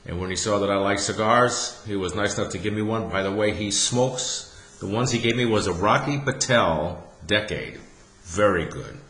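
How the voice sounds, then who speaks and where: A middle-aged golf instructor with a lowish voice talks through a swing in a folksy, chatty way, often stopping to ask "see?". The room gives his voice a clear echo, and faint ambience sits underneath. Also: fairly bright tone, a little hiss or hum. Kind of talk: casual swing-analysis commentary over video.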